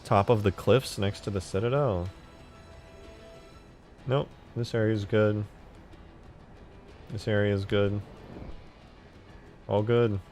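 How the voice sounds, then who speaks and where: A man casually chatting on a live stream about modding a game, excitable and profane, with sudden loud outbursts. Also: on the low side, slow pace, pauses often, faint music behind. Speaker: game modder streaming his work.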